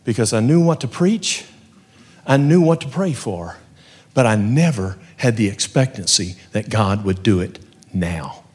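Male preacher, testimony sermon, moves from hushed to fervent, mid pitch, reverberant hall. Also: expressive, unhurried, husky. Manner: storytelling, swings from hushed to rising fervor.

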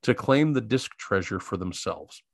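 A laid-back man with a low voice reads a plot summary aloud during a casual chat, tripping over odd names. The sound is dry and close. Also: lively intonation, unhurried, vocal fry, no echo. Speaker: podcast co-host.

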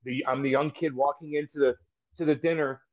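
A man's voice: a little high, fairly even intonation, brisk. A man who is a former pro hockey player, guest on a podcast, rambling through a story with lots of swearing and restarted sentences. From St. Louis, US. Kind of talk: casual storytelling. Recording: slightly dull lo-fi sound.

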